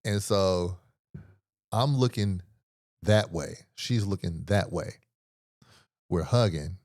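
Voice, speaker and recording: A podcast host with a deep, darkish voice speaks slowly, recorded dry with clean studio sound. He rambles through a casual comedic story in a laid-back, profane, slangy manner, acting out the lines of the people in it.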